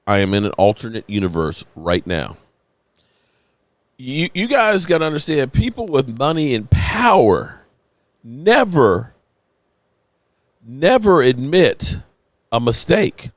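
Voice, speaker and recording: A man hosting a sports channel, reacting live on a stream, tipsy from rum and rambling in an excited, emotional way with plenty of swearing. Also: mid-range voice, slow, long pauses, no echo.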